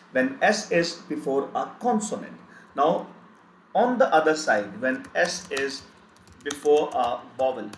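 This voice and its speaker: A man teaching a live online language lesson, slowly repeating example words again and again. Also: mid-range voice, reverberant, slight background noise, poor audio. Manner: slow, repetitive, drills word lists.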